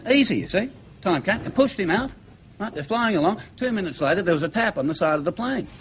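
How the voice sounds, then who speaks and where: Aussie comic telling jokes, high bouncy voice, does all the voices himself. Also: male voice, fast talker, slight background noise. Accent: Australian. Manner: lively, acts out voices and shouts in the jokes. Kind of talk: stand-up joke telling.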